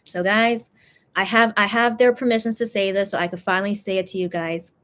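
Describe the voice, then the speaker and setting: A woman hosts a casual livestream, reading fan comments aloud and rambling between them. Her voice sits in a middle pitch and sounds tired, with loose, chatty restarts. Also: fairly even intonation, brisk, a bit bright. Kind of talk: casual chat.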